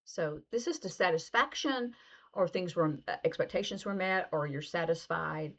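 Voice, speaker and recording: A woman's voice: on the low side, normal speed, dull audio. A woman teaching a casual video lesson, chatty and loose, acting out little example dialogues as she explains. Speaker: sign language teacher.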